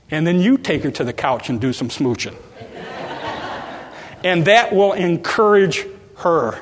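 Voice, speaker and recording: A man's voice: sits high, in a large hall. A man preaching a sermon in a folksy, humorous way, acting out little everyday scenes. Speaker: pastor.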